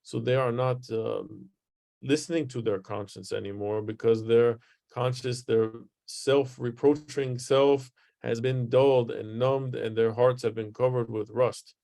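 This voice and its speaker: A man's voice: mid-range voice, fairly even intonation, unhurried, creaky, mellow. A man teaching a religious lesson in a conversational way, reading passages aloud from a book and explaining them with many fillers.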